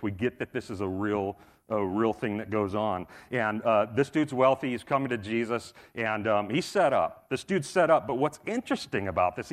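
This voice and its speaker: A middle-aged man preaching a sermon in a casual, conversational way, repeating himself and using fillers. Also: medium pitch. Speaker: pastor.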